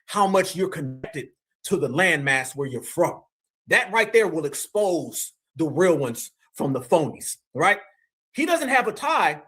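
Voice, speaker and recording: Man, from Ohio, high-pitched, emphatic, preachy, live-stream commentary, calls the chat fam. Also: fairly bright tone, breathy edge. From Ohio, USA. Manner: preachy, emphatic, keeps calling the audience "fam" and "family".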